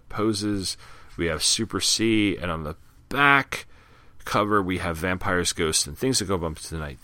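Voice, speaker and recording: A man with a very low voice and a bright, forceful edge hosts a solo podcast. He rambles conversationally with plenty of fillers, recorded dry and close. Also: dry recording. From Long Island, New York. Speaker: podcast host. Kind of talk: casual solo podcast commentary.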